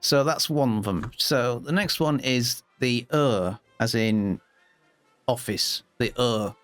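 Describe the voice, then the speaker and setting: Slow-talking Yorkshire man, chuckling. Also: medium pitch, fairly bright tone, dry recording, faint music behind. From Yorkshire, England. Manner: chatty, chuckling, hesitant with ums and restarts. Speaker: gaming YouTuber. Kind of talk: casual explainer talk to camera.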